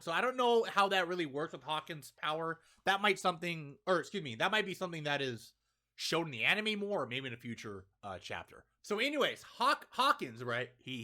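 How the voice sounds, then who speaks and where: A man hosting a casual manga chapter review, excitable and chatty, tagging on "right?" and "man" as he talks. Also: high-pitched. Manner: excitable, keeps asking "right?" and saying "man".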